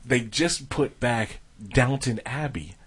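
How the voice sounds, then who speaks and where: A young man co-hosting a casual podcast, joking around and reading plugs in a playful, smooth voice. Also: medium pitch, takes it slowly, a bit bright. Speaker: podcast co-host.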